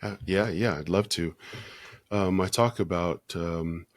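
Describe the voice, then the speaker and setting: A man being interviewed as a podcast guest, talking in a measured, earnest way with frequent pauses. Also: deep voice, no echo. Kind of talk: reflective interview conversation.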